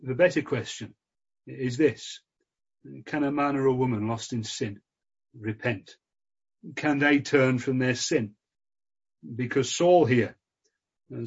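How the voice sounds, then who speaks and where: A man preaching a sermon in an earnest, measured way, with frequent fillers. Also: medium pitch, darkish tone, breathy edge. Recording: dull lo-fi recording.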